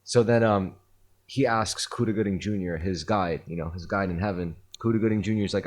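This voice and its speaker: Low and brisk, this male podcast host rambles through a retold story in casual conversation, leaning heavily on fillers and curse words.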